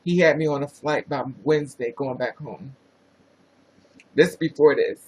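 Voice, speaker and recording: A man's voice: a little high, a little slow, a little mellow, slightly rough, poor audio. A man with a New Jersey accent hosting a casual livestream, chatting sassily and greeting viewers by name. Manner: sassy, chatty, reads viewer names aloud. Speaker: livestream host.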